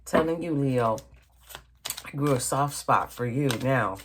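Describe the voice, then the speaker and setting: A woman's voice: very deep voice, expressive, unhurried, a little hiss or hum. A woman tarot reader giving a casual reading at her table, talking straight to the viewer and often checking in with "okay?" and calling them "honey". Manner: chatty, addresses viewer directly, frequent "okay?" and "honey".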